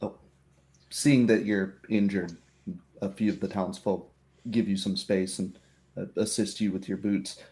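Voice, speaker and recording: Low, mellow game master man. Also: steady tone, measured pace, pauses often. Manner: easygoing, descriptive. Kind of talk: narrating a tabletop game.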